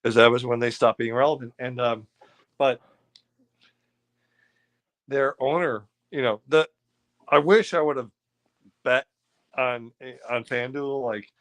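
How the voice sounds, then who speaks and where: A man in an easygoing chat, spinning a story at an ordinary pitch for his sex. He stumbles through restarts and fillers as he goes, and slips into the voices of the people he describes. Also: fairly even intonation, measured pace, long pauses, fairly bright tone, poor audio. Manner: rambling, full of restarts and fillers.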